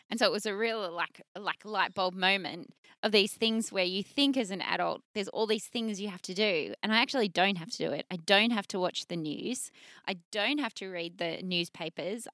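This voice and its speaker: Animated, rambling woman with a bright voice. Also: mid-range voice, no room sound, clean studio sound. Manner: rambling, animated, lots of fillers. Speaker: guest. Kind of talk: casual chat.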